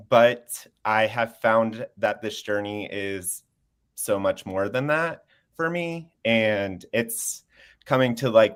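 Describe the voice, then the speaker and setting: A man's voice: lowish voice, clear, resonant tone. A man in his twenties, a panel guest sharing his story in casual chat over a video call, earnest and open, laughing easily. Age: 20s.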